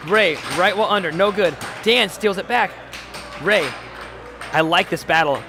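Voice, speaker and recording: A man doing live-stream sports commentary, calling plays in quick bursts and reading chat aloud with jokes. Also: high-pitched, music in the background. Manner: rapid play-calling, reads chat aloud, jokey. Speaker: play-by-play commentator. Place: home studio.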